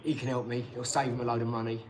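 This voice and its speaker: A man's voice: medium pitch, little pitch movement, quick pace, noisy background. A middle-aged British man hosting a casual boxing livestream, rambling bluntly, swearing freely and talking to his viewers. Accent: British English.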